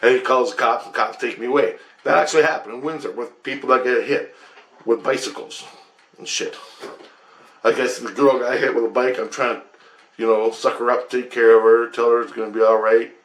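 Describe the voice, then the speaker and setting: A man's voice: medium pitch, steady tone, brisk. A man telling a rambling story about his dreams, profane and agitated. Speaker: vlogger.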